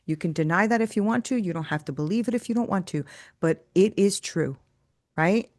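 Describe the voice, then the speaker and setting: A woman, a faith coach and podcast guest, telling stories in an emphatic, preachy way. She keeps adding "right?" and acts out quoted voices with big jumps in pitch. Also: brisk, darkish tone, no echo, studio quality. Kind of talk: storytelling faith talk.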